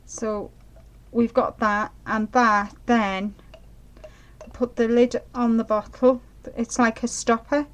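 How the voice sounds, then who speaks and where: A middle-aged woman with a high-leaning, level voice speaks slowly during a live craft demonstration captured in a rough recording. She's chatty and apologetic, frequently checking that viewers can see.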